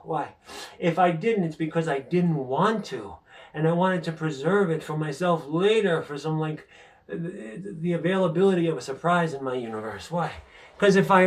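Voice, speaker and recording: Rambling profane man, slightly high voice. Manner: rambling and profane, keeps asking himself "why?". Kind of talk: rambling solo monologue.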